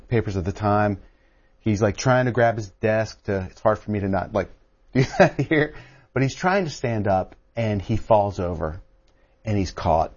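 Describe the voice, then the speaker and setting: A man who wrote a book, telling a story as a guest on a call-in radio show. He talks in an animated way and keeps restarting his sentences. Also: lowish voice, dull audio. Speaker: author guest.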